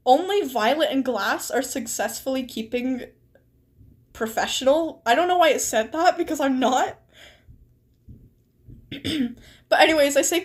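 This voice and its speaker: Young woman, streamer, high-pitched, giggly, animated storytelling. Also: measured pace, pauses often. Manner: animated, giggly, retells chats with quoted lines. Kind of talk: casual storytelling while gaming.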